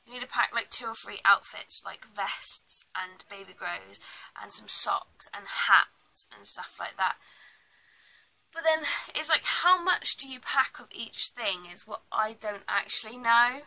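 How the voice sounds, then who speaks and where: A woman's voice: medium pitch, a little slow, gravelly, bright, forceful tone, rough recording. A young British woman chatting bluntly in a casual pregnancy vlog, ranting and laughing as she talks. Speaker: vlogger.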